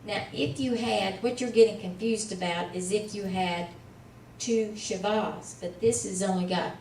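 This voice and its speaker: A woman tutoring a student in Hebrew reading in a casual one-on-one lesson, patiently sounding out letters and syllables slowly. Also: mid-range voice, fairly even intonation, a little mellow, echoey room, distant mic, a little hiss or hum, rough recording.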